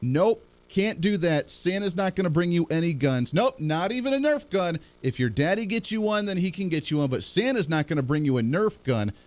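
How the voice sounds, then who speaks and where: A man's voice: high-pitched, very animated, fairly quick, hardly any pauses, a little mellow. A man mocking a curt, scolding Santa. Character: stern, scolding male Santa Claus.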